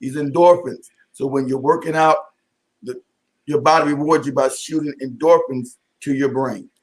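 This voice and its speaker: A man's voice: medium pitch, steady tone, moderate pace. A man giving a casual talk to an audience, telling jokey, profane stories full of restarts and asides, and calling his listeners family. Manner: keeps addressing the audience as family. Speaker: speaker at a community talk.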